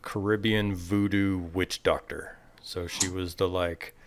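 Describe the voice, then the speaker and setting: A man chatting casually in an interview about tabletop games, rambling and relaxed with many fillers. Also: deep voice, slow, a little hiss or hum. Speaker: podcast host.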